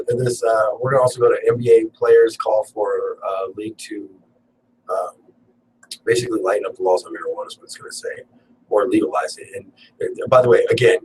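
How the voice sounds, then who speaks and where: A young man with a fairly low voice hosts a casual solo cannabis talk show, rambling, joking, and swearing freely. He sounds a bit off-mic on a distant microphone, and the poor audio carries faint background noise.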